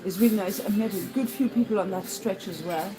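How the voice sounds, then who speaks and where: A woman's voice: medium pitch, quick pace, rough recording. Chatty woman over music. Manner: chatty, rambling, laughs often, acts out quoted voices. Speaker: pilgrim vlogger. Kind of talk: casual spoken travel diary.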